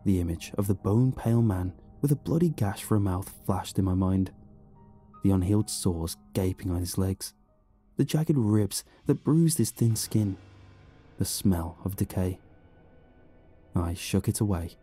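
A man narrating a horror story in an expressive, dramatic reading. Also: sits low, measured pace, breathy edge. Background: faint music.

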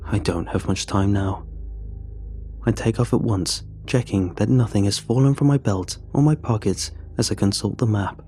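A man narrating a first-person horror story in a measured, suspenseful reading. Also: on the low side, warm tone, soft background music.

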